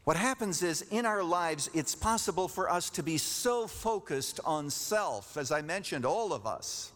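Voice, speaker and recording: A man's voice: animated, measured pace, a bit bright. Preaching man in an echoing hall. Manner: emphatic, repeats key phrases, rises in pitch when stressing points. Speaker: pastor. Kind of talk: sermon. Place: church sanctuary. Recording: long reverb of a church hall.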